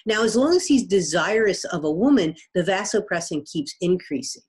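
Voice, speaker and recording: A woman's voice: on the low side, lively intonation, normal speed, a little mellow. A woman guest, a biology professor, explaining things in casual conversation with everyday examples. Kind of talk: conversational interview.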